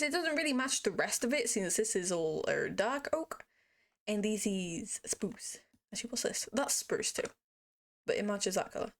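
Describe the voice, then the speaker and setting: Playful young woman rambling through a build tutorial. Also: mid-range voice. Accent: puts on a mock accent at times. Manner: playful, rambling, self-mocking asides. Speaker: Minecraft build tutorial creator. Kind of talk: casual screen-recorded game tutorial.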